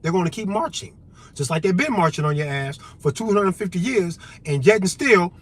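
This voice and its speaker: A man vlogging an impassioned, profane political rant to the camera, loud and emphatic, with a faint vehicle rumble behind him. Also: expressive, brisk, slightly rough.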